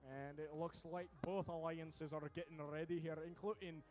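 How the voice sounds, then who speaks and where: A man giving lively, quick play-by-play commentary at a robotics competition, with joking asides between matches. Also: a little high, faint music behind. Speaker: event commentator.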